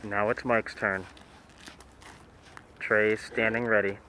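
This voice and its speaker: A man's voice: fairly low pitch, little pitch movement, slow, bright, forceful tone, slight background noise, rough recording. A young man joking around outdoors in the cold, doing mock sports commentary for his friends. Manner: joking, laid-back.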